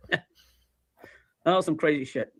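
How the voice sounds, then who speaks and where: A man hosting a livestream, chatting casually as an animated, profane storyteller who repeats himself. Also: on the high side, no echo. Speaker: livestream host. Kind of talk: casual chat.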